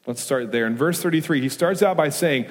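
Emphatic pastor preaching in a reverberant hall. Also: male voice, on the high side, fairly quick. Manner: emphatic preaching with rhetorical questions, swinging from loud to hushed. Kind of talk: sermon. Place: church sanctuary.

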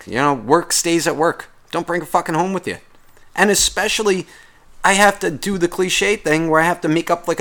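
Male host, comedic rant, fairly high voice, profane and sarcastic. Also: fairly bright tone. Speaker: podcast host.

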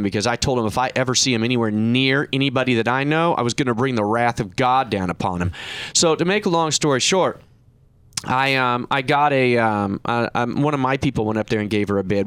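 Animated male talk-show storyteller, dry sound. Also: clean tone, dry recording. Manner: animated anecdote, raising pitch when quoting others. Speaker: radio show host and reverse mortgage professional.

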